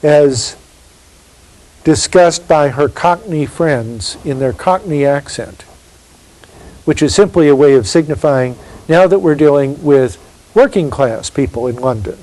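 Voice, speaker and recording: A man giving a university literature lecture, reading poetry aloud slowly and emphatically and posing rhetorical questions. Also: on the high side, lively intonation, a little mellow, poor audio.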